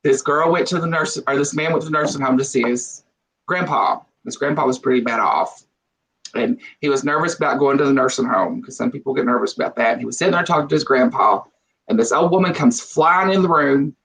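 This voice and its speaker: A man hosting a casual panel chat, telling jokes as an animated storyteller who laughs often. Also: mid-range voice, a little fast, vocal fry, low-quality recording. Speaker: host.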